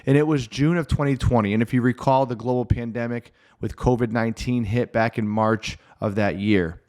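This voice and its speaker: This middle-aged man hosts his own podcast as a mental performance coach and tells a client story in an earnest, emphatic motivational monologue, slowing down to stress certain phrases. His mid-range voice is steady and a little mellow.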